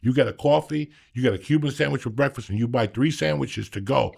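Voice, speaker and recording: A man with a deeply gravelly, fry-heavy voice hosts a loose late-night talk. He talks fast and bluntly, swearing freely as he bosses his guest around with advice. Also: a little mellow. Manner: blunt, profane, bossy advice. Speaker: podcast host. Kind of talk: casual interview chat.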